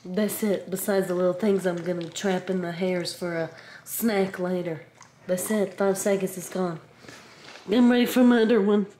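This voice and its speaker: A woman voicing a boastful young female dog who chatters playfully and gets easily excited. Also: fairly low pitch, normal speed, slight background noise, close to an everyday voice.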